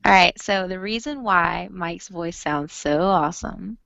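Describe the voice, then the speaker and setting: A woman's voice: on the low side, unhurried, vocal fry, fairly bright tone, no room sound. A young woman in a casual group voice chat, teasing her friends playfully. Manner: playful, mock-dramatic. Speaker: voice chat guest. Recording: muffled online call audio.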